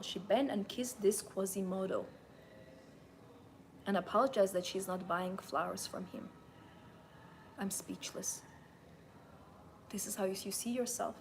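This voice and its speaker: A woman's voice: mid-range voice, darkish tone, slight background noise. A young adult woman hosting a live motivational talk, speaking in a passionate, emphatic, self-assured way. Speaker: host and femininity coach.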